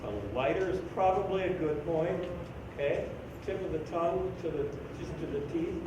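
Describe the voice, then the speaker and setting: A man with a somewhat high voice runs a school band rehearsal at a moderate pace, singing rhythms on syllables and counting the players in. The room is echoey, the mic sits far away, and there's background noise.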